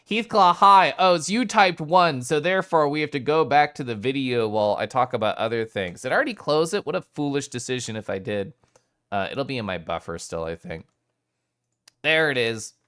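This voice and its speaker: Smooth-voiced male streamer chatting. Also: medium pitch, fairly bright tone. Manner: chatty, reads chat aloud, frequent laughs. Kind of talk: casual live-stream chat.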